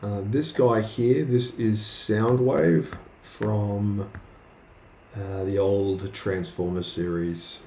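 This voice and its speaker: Male streaming artist, low and unhurried, hesitant casual chat, roomy recording. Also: fairly even intonation, dark tone. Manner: hesitant, many fillers and restarts. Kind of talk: casual live-stream chat while drawing. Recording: roomy with faint background noise.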